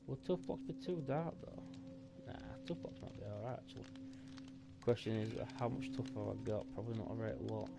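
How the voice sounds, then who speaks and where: A man's voice: on the low side, animated, a little fast, vocal fry. A tired man, thinking aloud as he plays a building game. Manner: thinking aloud, rambling and musing. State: tired and sleepy. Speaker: gaming streamer. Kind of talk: casual gameplay commentary. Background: background music.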